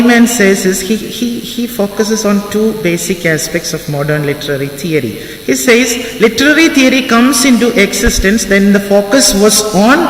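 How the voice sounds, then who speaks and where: A man's voice: high-pitched, slight background noise. A man giving a classroom lecture on literary theory, repeating phrases and spelling out words for his students. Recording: echoey hall, voice from far off, faint ambience.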